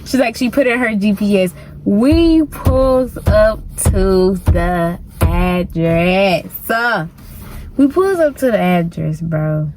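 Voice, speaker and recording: A woman's voice: mid-range voice, animated, takes it slowly, darkish tone, a little hiss or hum. A woman vlogger telling a personal story in a casual, slangy, emphatic way.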